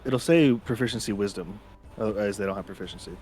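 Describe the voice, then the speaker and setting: A man's voice: fairly low pitch, fast, darkish tone, soft background music. Man playing a tabletop game. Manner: joking, flirty in character. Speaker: tabletop player. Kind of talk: casual tabletop role-play.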